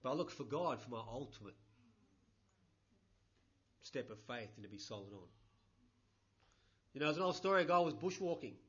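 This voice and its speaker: A man's voice: mid-range voice, expressive, moderate pace, pauses often, a bit bright. A man preaching a conversational sermon, with lots of 'you know' and emphatic bursts. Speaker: pastor. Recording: dull lo-fi recording.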